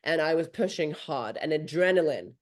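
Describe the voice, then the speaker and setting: A woman in her thirties hosting a podcast, telling a story in a lively, casual way and swearing freely. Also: low voice, moderate pace. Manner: animated, swearing freely, acting out her own thoughts. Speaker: podcast host.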